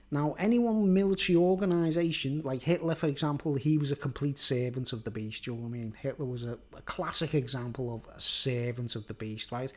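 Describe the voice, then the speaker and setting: A man, rambling through a monologue and constantly tacking on "right?" and "you know what I mean?", blunt and sweary, with chuckles. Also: a little high. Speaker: vlogger.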